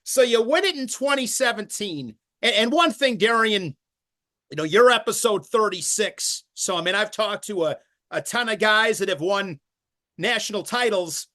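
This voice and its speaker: A man hosting a podcast interview, asking long questions with enthusiasm and shifting between quick and drawn-out phrases. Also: sits high, lively intonation, bright, forceful tone. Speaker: podcast host and wrestling broadcaster.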